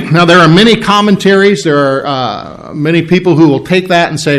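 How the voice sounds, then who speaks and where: A man preaching a sermon, with a halting delivery full of restarts and frequent throat clearing. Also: on the high side, a bit bright. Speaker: pastor.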